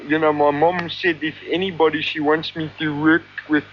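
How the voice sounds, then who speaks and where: A man's voice: on the high side, flat delivery, normal speed, slight background noise. A man with a South African accent making a prank phone call, talking in a hesitant, stammering, eager way. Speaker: prank caller. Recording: dull lo-fi taped radio broadcast.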